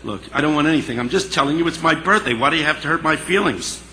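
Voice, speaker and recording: A man voicing a weary, shy woman who pleads softly, in an echoey hall. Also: a little high, animated, fast, slight background noise. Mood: hurt. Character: weary, tender woman street worker, hurt and shy.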